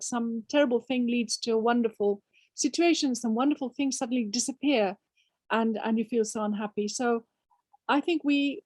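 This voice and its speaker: A woman's voice: a little high, a little mellow, dry recording. An older woman author from Spain, answering audience questions emphatically with rhetorical questions and frequent restarts. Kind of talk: conversational Q&A.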